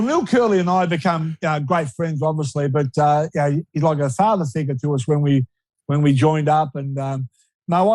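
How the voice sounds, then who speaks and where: Older Australian ex-footballer guest, rambling and repetitive, a bit high-pitched, dry sound. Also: male voice, darkish tone, dry recording, poor audio. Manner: rambling, repeats words, laughs easily. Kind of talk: casual storytelling interview.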